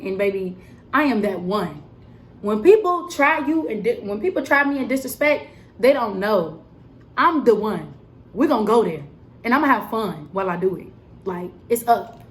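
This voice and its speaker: A young woman telling a story in a casual, animated vlog style, emphatic and full of fillers. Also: mid-range voice, a little hiss or hum. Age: young adult. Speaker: vlogger and cosmetics counter worker.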